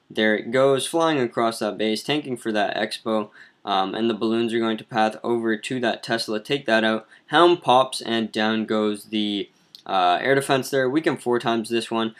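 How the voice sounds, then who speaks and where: A man casually narrating replays of mobile game attacks as clan leader, with lots of ums and restarts. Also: medium pitch. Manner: relaxed, filler-heavy, self-correcting. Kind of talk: casual gameplay commentary.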